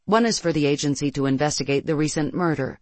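A narrator reading a first-person science-fiction story in a steady, measured way. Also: medium pitch, dry recording.

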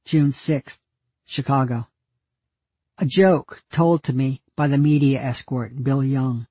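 A man reading his own diary entries aloud with dry, deadpan humor. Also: mid-range voice, takes it slowly, breathy edge, no echo. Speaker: narrator.

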